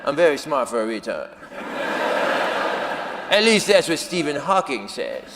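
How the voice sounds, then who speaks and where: A man telling a self-mocking story as a stand-up comedian, animated and jumping into acted quotes. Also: fairly high pitch, measured pace. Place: comedy venue with live audience. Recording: live room with reverb and audience noise.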